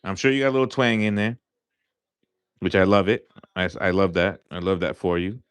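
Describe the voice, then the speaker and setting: A man's voice: low voice, fairly even intonation, a little fast, clear, resonant tone, no echo. A man from New York with a light New York accent, chatting casually with his live-stream audience, rambling and repeating himself with lots of fillers.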